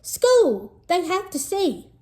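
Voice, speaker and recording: A woman reading aloud voices an excited, bossy schoolgirl who sounds eager and squeaky. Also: slow pace, full character voice.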